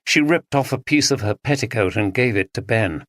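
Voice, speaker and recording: A man reading a story aloud as an audiobook narrator, with expressive storytelling. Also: medium pitch, moderate pace, no room sound, studio quality. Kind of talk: scripted narration.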